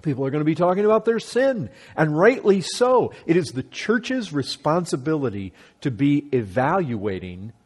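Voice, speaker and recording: A man's voice: a little high, big pitch swings, moderate pace, hardly any pauses, breathy edge. A man preaching a sermon as a pastor, earnest and emphatic, repeating phrases to drive his points home.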